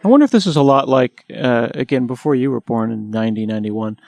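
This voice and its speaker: A man's voice: medium pitch, lively intonation, fast talker, gravelly, a little mellow, no room sound. A man with an American accent hosting a casual tech interview, asking curious questions with a self-deprecating touch. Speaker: host.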